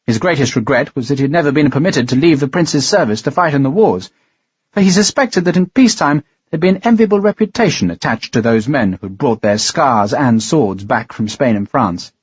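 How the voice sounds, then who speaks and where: A man narrating an audiobook in a steady, measured reading. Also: mid-range voice, breathy edge, dry recording, dull audio. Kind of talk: scripted narration.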